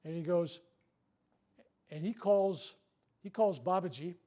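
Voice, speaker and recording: An older man giving a workshop talk, telling a personal story with lively acted-out quotes and repeated words. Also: high voice, slow, lo-fi sound. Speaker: workshop speaker. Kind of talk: storytelling talk to a live group.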